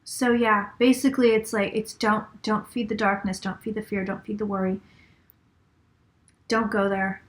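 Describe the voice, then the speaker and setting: Speaking at a normal speed with a flat delivery, this medium-pitched woman is a middle-aged psychic reader. She relays channeled messages through repeated phrases, occasionally lowering her voice to a whisper.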